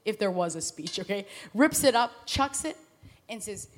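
A woman preaching in a casual, storytelling way, acting out the characters in quick asides. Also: medium pitch, lively intonation. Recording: long hall reverb.

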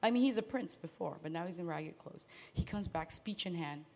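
Animated woman preaching in a reverberant hall. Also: lowish voice, creaky. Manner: animated, acts out characters in quick asides. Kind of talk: casual storytelling sermon.

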